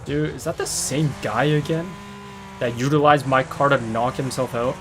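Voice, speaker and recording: A man giving rambling, excitable commentary while he plays a game, often saying "dude", on a desk mic near a noisy computer. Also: medium pitch, normal speed. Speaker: gamer. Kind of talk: casual gameplay commentary. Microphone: desktop mic near a noisy computer. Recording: loud racing game sounds behind voice.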